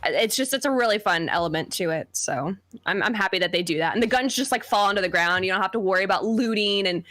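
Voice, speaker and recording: A woman's voice: medium pitch, fast talker, a bit bright, no room sound. A woman on a gaming podcast panel, chatting with many fillers. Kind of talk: casual chat.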